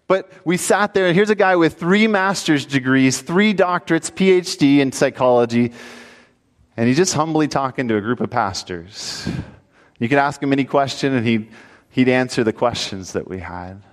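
A pastor giving a sermon, telling a story with animation and rising into emphatic calls to the congregation. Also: male voice, mid-range voice, animated, moderate pace, big-room sound.

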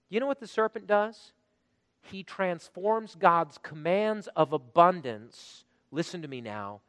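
High-voiced man preaching in a reverberant hall. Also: fairly bright tone. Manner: dynamic preaching, rhetorical questions to the congregation. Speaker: pastor. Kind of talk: sermon.

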